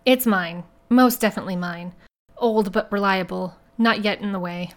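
A woman voicing a male detective posing as a soft-spoken, giggly rich twit in an audiobook. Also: mid-range voice, moderate pace, close to an everyday voice. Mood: silly. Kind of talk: audiobook character voice.

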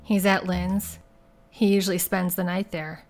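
A woman's voice: on the low side, level tone, unhurried, a little mellow, soft background music. A woman voicing Kay, a tired, defensive woman in her forties, in an audiobook reading.

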